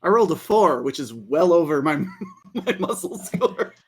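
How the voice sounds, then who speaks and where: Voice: normal speed, breathy edge. A player in a tabletop game, chatting casually and giggling often. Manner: giggly, expressive swoops in pitch.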